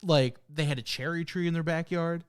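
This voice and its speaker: A man's voice: on the high side, steady tone, normal speed, clean tone. A young man co-hosting a podcast, chatting casually and rambling through family anecdotes. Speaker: podcast co-host. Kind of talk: casual chat.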